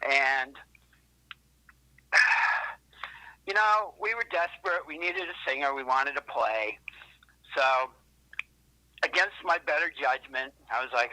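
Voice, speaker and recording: A man's voice: medium pitch, takes it slowly, long pauses, pushed and bright, low-quality recording. A man being interviewed, telling rambling, profane stories with lots of self-correcting asides. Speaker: interviewed musician. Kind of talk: casual interview storytelling.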